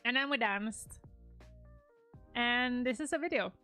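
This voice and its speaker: Young female streamer, higher voice, chatty and rambling with frequent laughs, faint music underneath. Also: unhurried, bright, forceful tone. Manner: gushing, rambling, laughs often. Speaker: streamer showing wedding photos. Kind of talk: casual live-stream chat.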